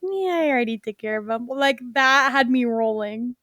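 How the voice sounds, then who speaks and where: A woman co-hosts a podcast in an amused, laid-back way. Her voice is high. The recording is close and dry. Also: animated, normal speed, sharp tone, no echo. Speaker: podcast co-host. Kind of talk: casual podcast chat.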